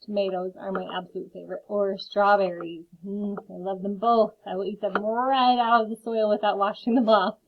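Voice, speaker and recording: A woman's voice: mid-range voice, fairly even intonation, moderate pace. A woman teaching a phonics lesson to children, carefully sounding out words and adding friendly chatty asides. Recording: phone-like lo-fi audio.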